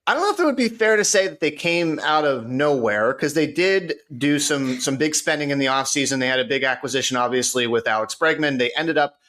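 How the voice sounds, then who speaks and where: A man's voice: medium pitch, lively intonation, brisk, few pauses, a bit bright. A man co-hosting a casual sports betting podcast, chatty and loose, with frequent fillers while reading a sponsor spot. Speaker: podcast co-host. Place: studio.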